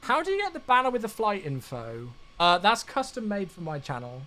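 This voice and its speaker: A man's voice: high voice, wildly swooping pitch, a little fast, pushed and bright. A man chatting casually on a flight sim live stream, rambling as he answers viewer questions.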